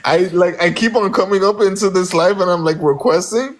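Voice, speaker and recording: Excitable guy on a phone live stream, swears freely, keeps laughing, voice sits a bit high. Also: fairly quick. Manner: excitable, profane, laughs a lot. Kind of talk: casual live-stream chat.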